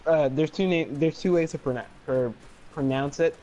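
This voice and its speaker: A man's voice: fairly high pitch, moderate pace, warm tone, slight background noise, rough recording. A young man chatting with friends during a game, talking hesitantly and often tripping over his words. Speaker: friend and co-player. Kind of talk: casual chat among friends while gaming.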